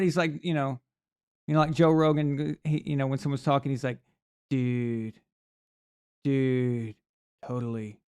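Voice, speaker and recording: A man hosting a live sports talk stream, rambling through opinions with lots of restarts and fillers. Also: on the high side. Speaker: sports talk show host. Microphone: desk mic on camera.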